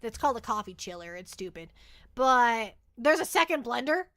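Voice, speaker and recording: A woman's voice: fairly high pitch, big pitch swings, moderate pace, fairly bright tone, no echo, clean studio sound. A woman hosting a livestream, chatting casually and rambling as she answers viewer questions, often repeating herself and joking at her own expense. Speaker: livestream host.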